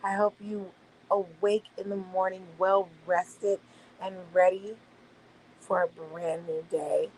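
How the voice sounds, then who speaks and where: A woman's voice: mid-range voice, little pitch movement, takes it slowly, a little mellow, a little hiss or hum, poor audio. A woman hosting a casual livestream, chatting loosely with her viewers and swearing freely. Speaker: livestream host. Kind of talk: casual late-night livestream chat.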